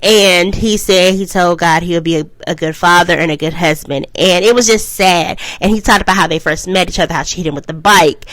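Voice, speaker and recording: A woman's voice: fairly quick, hardly any pauses, a bit bright, no room sound, poor audio. A woman reviewing a TV show in a casual vlog. She rambles and goes off topic, and she keeps repeating "I will say this" before she makes a point. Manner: emphatic, swings up high for emphasis.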